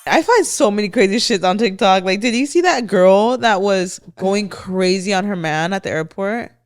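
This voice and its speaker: A woman hosting a podcast, retelling a story in excited bursts, full of "like" and casual swearing. Her voice sits in a middle pitch and sounds like relaxed chat between friends. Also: moderate pace, noisy background. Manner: animated gossiping, lots of "like" and swearing. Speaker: podcast co-host.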